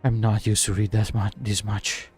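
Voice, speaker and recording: A male streamer commenting casually while playing, muttering quiet asides. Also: fairly low pitch, little pitch movement, normal speed, slightly rough, soft background music. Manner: muttering asides between read lines.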